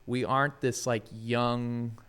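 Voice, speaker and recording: A man's voice: medium pitch, little pitch movement, takes it slowly, fairly bright tone, clear, resonant tone. A man, a brand founder, talking in a casual podcast interview, reflective and hedging with many fillers. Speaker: guest, leather goods brand founder.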